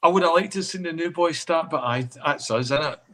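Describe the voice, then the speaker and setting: A man, a podcast co-host, giving animated football opinions with lots of fillers in casual chat. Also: a little high, fast.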